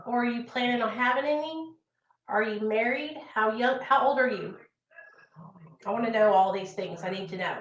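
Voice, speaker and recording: A young woman with a high voice gives an earnest, encouraging pep talk on a casual livestream and keeps repeating her points. The sound is dull and lo-fi, with a roomy echo around her. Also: moderate pace. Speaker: recovery livestream host. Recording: echoey room, dull lo-fi sound.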